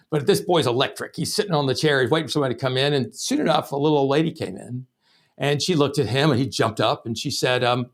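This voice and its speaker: A male sales trainer hosting a podcast, teaching through stories in a loose, cursing, conversational manner. His voice sits fairly high for a man. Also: quick pace. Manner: casual, profane, anecdotal. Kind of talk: storytelling lesson.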